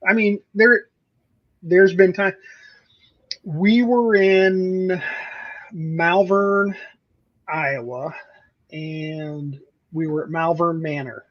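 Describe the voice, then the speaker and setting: A man who investigates the paranormal, a guest on a video call, recounting events in a slow, steady way. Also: sits high, lo-fi sound. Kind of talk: casual chat.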